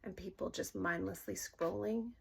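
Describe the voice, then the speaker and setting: Soft, gravelly-voiced woman half whispering. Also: mid-range voice, steady tone. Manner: soft-spoken, halting, often drops to a whisper. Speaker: dowsing-rod reader. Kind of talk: casual spoken session asking questions.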